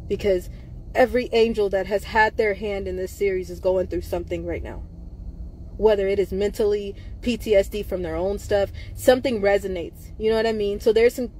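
A woman host speaking to her viewers in an emotional monologue, laughing nervously between angry, profane outbursts and swinging from quiet mumbling to loud intensity. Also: mid-range voice, slight background noise.

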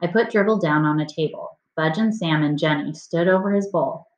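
A woman reading a children's chapter book aloud in a steady storytelling manner. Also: deep voice, moderate pace. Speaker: reader. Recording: roomy dull lo-fi recording.

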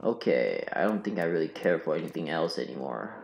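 A man's voice: very deep voice, expressive, a little fast, vocal fry, slight background noise. A man hosting a casual let's-play, thinking aloud to his viewers in a mumbly way. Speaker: gaming channel host. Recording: roomy room sound, faint game music. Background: faint game music.

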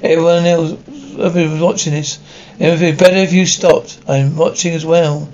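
A man reading a script aloud, sound cues included, in a flat, halting way that trips over words. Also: on the high side. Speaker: script reader. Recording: dull lo-fi audio with faint hiss.

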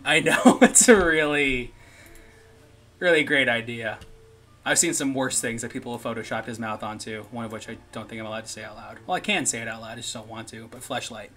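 Man, stream host; loose rambling chat, giggly, slips into whispers; bright tone, mid pitch. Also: a little hiss or hum. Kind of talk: casual live-stream chat.

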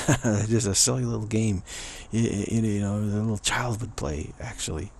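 A man with a low, gravelly voice gives a spiritual talk. He tells stories in a playful way and slips into the voices of his characters. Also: normal speed, darkish tone, slight background noise. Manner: playful storytelling, acting out voices. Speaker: spiritual teacher.

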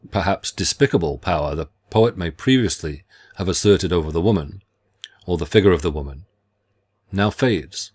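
A middle-aged man with a very low, deep voice reads a prepared lecture on literature. His delivery is measured and deliberate, with careful phrasing. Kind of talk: scripted academic lecture.

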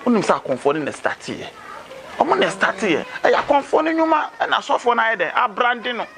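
A Ghanaian-accented man playing a streetwise adviser who persuades a friend, lively and mixing Twi with pidgin English, in a noisy outdoor scene. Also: extremely high pitch, fairly quick, vocal fry, some chatter behind, exaggerated voice. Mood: persuasive. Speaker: adviser urging a fetish priest.

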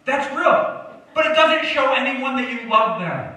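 A man's voice: very high-pitched, expressive, a little slow, sharp tone. A young man preaching a sermon in a joking, conversational way, drawing replies from the congregation. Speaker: pastor. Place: church sanctuary. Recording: echoey church hall from far off.

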